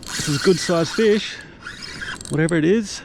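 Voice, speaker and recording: A man's voice: fairly high pitch, moderate pace, vocal fry, noisy background. A young man, commentating his own kayak fishing live, exuberant and breathless, recorded outdoors on an action camera. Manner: exuberant, whooping, breathless excitement.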